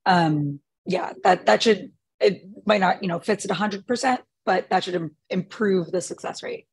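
A woman answering questions in a webinar as the guest expert, halting with many fillers and restarts. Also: mid-range voice, breathy edge, dry recording. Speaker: guest expert on prompt writing.

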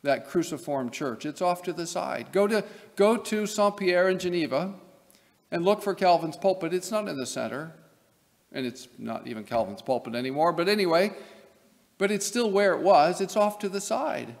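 A man's voice: sits high, moderate pace, vocal fry. A man from Nebraska giving an academic lecture as a seminary professor, emphatic, with wry asides. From Nebraska, USA. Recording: long hall reverb.

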